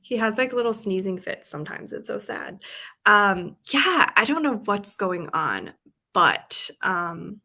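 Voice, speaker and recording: Bright, chatty young woman. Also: medium pitch, sing-song, a little slow. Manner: chatty, giggly, lots of "like" fillers. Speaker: livestream host. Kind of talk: casual live chat.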